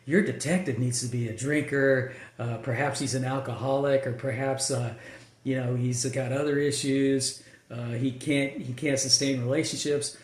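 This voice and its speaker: A man's voice: mid-range voice, steady tone, moderate pace. A male screenwriter talking casually about his writing process, rambling with lots of fillers and restarts. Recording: echoey room.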